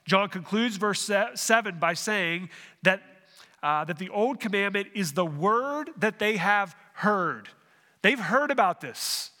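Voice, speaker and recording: A man's voice: high-pitched, lively intonation, slow, sharp tone, in a large hall. A man preaching a sermon, working through a passage verse by verse, often restarting phrases and asking the congregation questions. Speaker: pastor.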